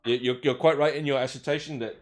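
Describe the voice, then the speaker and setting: A man's voice: mid-range voice, fairly even intonation, quick pace, close to an everyday voice. A man putting on a stiffly polite elf police officer. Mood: officious. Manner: overly polite, stiff formal phrasing with stammered restarts.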